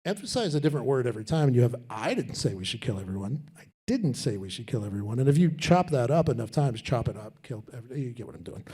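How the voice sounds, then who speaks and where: Guy on a campus panel, kinda husky voice, trips over his first words. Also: mid-range voice. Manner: animated, repeats words when starting a thought. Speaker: panelist and moderator. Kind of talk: college panel discussion. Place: lecture room.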